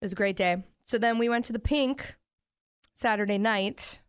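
The young female podcast co-host shares weekend tales in easygoing conversation, filling it with "like" and "um" and sometimes talking with her mouth full. Her medium-pitched voice is smooth and moves at a normal speed. The recording is dry and studio quality.

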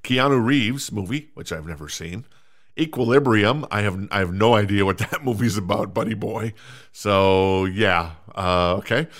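Middle-aged male podcast host, lowish voice, casual and rambling, self-mocking. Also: normal speed, a bit bright. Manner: rambling, self-mocking, many fillers and restarts. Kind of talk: casual solo podcast chat.

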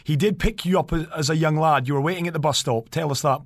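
Male podcast co-host, brisk interviewer, slightly high voice, dry close sound. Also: no echo. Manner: brisk interviewer who sets up stories. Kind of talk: casual chat.

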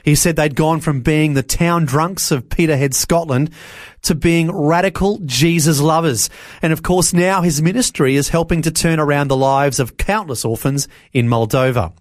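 A man hosting a faith radio show who reads a scripted outro in a smooth, announcer-like delivery. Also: on the high side, normal speed, dry recording, clean studio sound.

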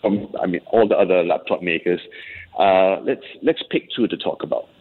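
Man, lowish husky voice, chatty tech commentator, heard over a phone line. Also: moderate pace. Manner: chatty, explanatory. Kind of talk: conversational tech chat on air. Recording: tinny phone-line sound.

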